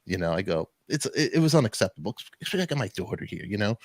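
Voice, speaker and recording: A man's voice: fairly low pitch, very fast, no echo, clean studio sound. A man, hosting a podcast and telling a long story in casual chat, acting out the other people's voices as he goes. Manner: animated storyteller, acts out voices in quotes. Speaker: podcast host.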